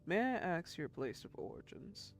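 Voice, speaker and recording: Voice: medium pitch, very animated, moderate pace, soft background music. A game master voicing Chao Ren, a reserved, formal male traveler in a tabletop game. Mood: inquisitive. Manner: stiff, formal questioning.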